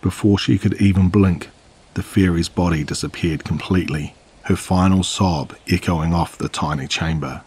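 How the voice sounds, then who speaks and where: Male horror narrator, low, husky voice, dramatic delivery. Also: normal speed, darkish tone.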